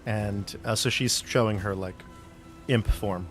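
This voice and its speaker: A man's voice: lowish voice, fairly even intonation, measured pace, soft background music. A man narrating as game master of a tabletop game, chatty and loose, with fillers and restarts.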